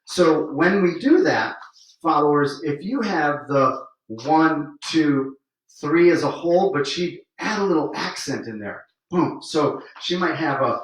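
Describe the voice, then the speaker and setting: A man's voice: fairly high pitch, animated, unhurried, far from the mic. A man teaching a livestream swing dance lesson, explaining footwork and counting beats aloud while he demonstrates the steps. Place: room where he dances on camera. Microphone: camera mic at a distance. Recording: echoey room, voice from off-mic.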